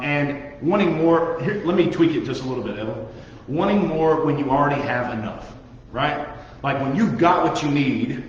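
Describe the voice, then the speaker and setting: A man's voice: medium pitch, slight background noise. A young man, leading a casual Bible teaching, questioning his listeners and joking about himself. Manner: conversational, asks the audience questions, self-deprecating humor. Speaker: youth pastor. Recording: echoey hall, muffled sound.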